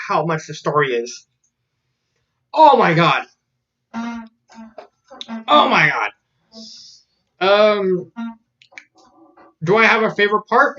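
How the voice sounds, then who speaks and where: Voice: mid-range voice, fairly bright tone, dull audio. A fan-fiction reviewer talking casually, rambling and often restarting sentences, breaking into laughter.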